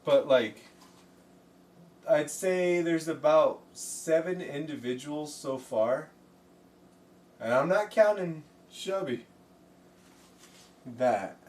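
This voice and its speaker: A man's voice: medium pitch, a little mellow, recorded from a distance. A man chatting casually on a live stream while he paints, rambling, joking and talking both to his chat and to himself. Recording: voice from off the mic, faint room noise.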